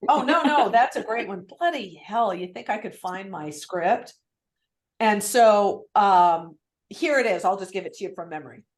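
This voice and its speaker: Lively woman coach in an echoey room. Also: mid-range voice, moderate pace. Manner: energetic, animated, acts out client lines. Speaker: real estate coach. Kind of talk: coaching session on a video call.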